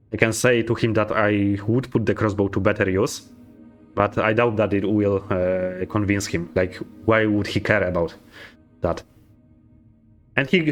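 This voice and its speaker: A man playing a video game and commenting casually, thinking aloud, swearing and chuckling at himself. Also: fairly low pitch. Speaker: let's play gamer.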